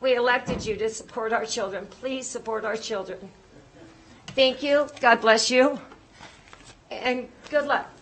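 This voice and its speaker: A woman's voice: fairly high pitch, unhurried, pauses often, fairly bright tone, rough recording. A woman giving a prepared public comment as a parent, earnest and pleading, nervous and choked up.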